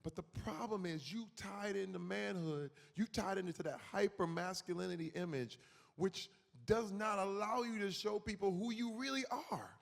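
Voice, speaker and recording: Man in his forties, conference guest; raised pitch, gravelly edge, lively storyteller, hall echo. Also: normal speed. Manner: animated, acts out quoted voices, emphatic. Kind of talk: on-stage conversation. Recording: reverberant hall.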